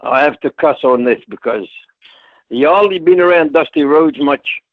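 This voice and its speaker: A man's voice: a little high, unhurried, no echo, phone-quality sound. An older man from Scotland, a retired wrestler guest, telling colloquial stories in an interview and acting out the people he quotes. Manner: colloquial, anecdotal, acts out quotes. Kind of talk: storytelling interview.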